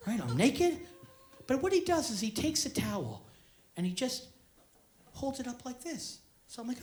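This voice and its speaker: Loud profane male stand-up comic. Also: very high voice, huge pitch swings, moderate pace, long pauses. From Canada. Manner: profane, loud, crowd-baiting delivery. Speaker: stand-up comedian. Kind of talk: stand-up comedy set. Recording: live club set with loud crowd laughter.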